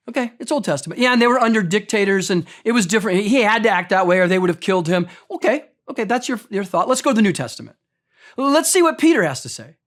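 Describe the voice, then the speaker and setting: A man's voice: sits high, expressive, quick pace, a bit bright. A male pastor preaching a sermon in a conversational, emphatic way, often putting direct questions to the congregation.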